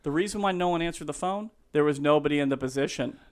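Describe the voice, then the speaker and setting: A man's voice: fairly high pitch, fast talker, clean tone. A man in his fifties, a realtor telling stories as a podcast guest in a rambling, laughing way with many fillers and restarts. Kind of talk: casual storytelling.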